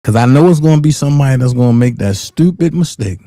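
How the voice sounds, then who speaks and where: A man's voice: medium pitch, expressive, fast, mellow, no echo, clean studio sound. A man hosting a live call-in stream, talking in a brash, taunting, profane way. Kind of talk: casual live call-in talk.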